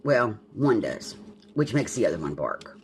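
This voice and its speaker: A woman's voice: rumbling low, very animated, unhurried, darkish tone, slight background noise. A woman with a Southern accent chatting casually while making a journal at home, thinking aloud and wandering off into asides. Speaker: crafter demonstrating a journal. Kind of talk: casual crafting chat.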